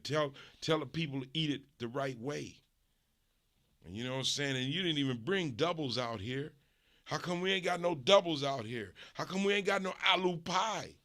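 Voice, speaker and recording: A middle-aged man from Los Angeles hosting a stream, ranting through a comic story in an animated, profane way with big swings in pitch and volume. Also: moderate pace. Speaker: stream host.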